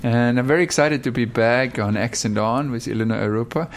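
A man's voice: medium pitch, brisk. A man from Germany, guesting on a radio talk show, chatting in a charming, playful way. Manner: playful, charming, laughs easily. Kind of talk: relaxed interview chat. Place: radio studio.

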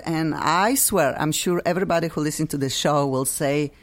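A woman hosting a live radio talk show, effusive and excitable, talking with bursts of laughter from a radio studio. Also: low voice, moderate pace, few pauses.

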